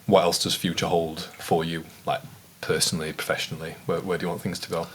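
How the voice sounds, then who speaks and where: A man's voice: low-pitched, flat delivery, fast talker, background noise. A man co-hosting a podcast, chatting eagerly with lots of fillers. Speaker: podcast co-host. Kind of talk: casual podcast chat.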